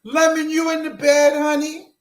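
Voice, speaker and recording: A man playing a sassy, flirtatious woman host with a high, unhurried voice that lingers on each coaxing word. She sweet-talks and teases her guests in a roomy, echoing space. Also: expressive. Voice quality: coaxing, teasing, sweet-talking. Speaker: show host. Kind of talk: casual avatar chat show.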